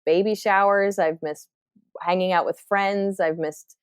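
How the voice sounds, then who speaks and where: A woman's voice: mid-range voice, fairly even intonation, measured pace, clean tone, no echo, clean studio sound. A woman comedian in her thirties from New Jersey, talking candidly in a podcast interview, often restarting her sentences. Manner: candid, reflective, with frequent fillers and restarts. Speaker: stand-up comedian, guest.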